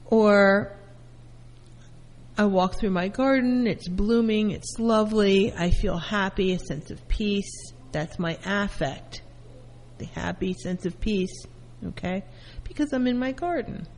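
A woman therapist giving a calm lecture, explaining terms through everyday first-person examples. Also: medium pitch, takes it slowly, in a large hall, a little hiss or hum, poor audio. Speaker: therapist teaching.

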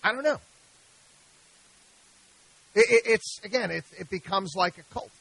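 A man's voice: sits high, unhurried, creaky, fairly bright tone, slightly rough, no echo, rough recording. A middle-aged man hosting a radio talk show, talking animatedly and with exasperation, often repeating himself and restarting sentences. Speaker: radio show host, investment advisor.

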